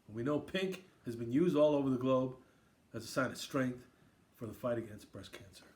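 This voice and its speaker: A man's voice: medium pitch, brisk, heavy background noise. A man from Queens hosting a casual sports podcast, riffing and raising toasts. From Queens, New York. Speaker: podcast host.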